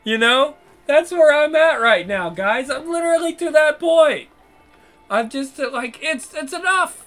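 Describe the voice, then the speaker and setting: A man's voice: very high voice, expressive, normal speed, fairly bright tone, faint music behind. A man ranting to his viewers in a crude, repetitive, exasperated way, swearing constantly. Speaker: vlogger. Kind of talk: profane monologue rant to viewers.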